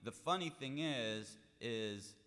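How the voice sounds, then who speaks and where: Bright-voiced man in a reverberant hall. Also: mid-range voice, animated, takes it slowly. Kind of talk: casual chat.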